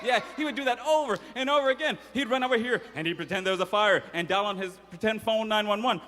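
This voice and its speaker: A man's voice: high voice, fast talker. A man telling a story live to children in a playful, interactive way, coaxing the audience to join in. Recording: long hall reverb.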